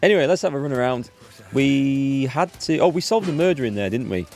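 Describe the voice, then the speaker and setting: A man's voice: medium pitch, animated, fairly quick, creaky, a little mellow. A man streaming a game live from indoors at home, chatting in an upbeat way and thinking aloud as he plays. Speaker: gaming streamer.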